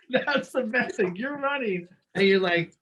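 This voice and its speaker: Excitable man chiming into a story. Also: high voice, measured pace, breathy edge. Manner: chimes in excitedly, laughs. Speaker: podcast co-host. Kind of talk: casual chat.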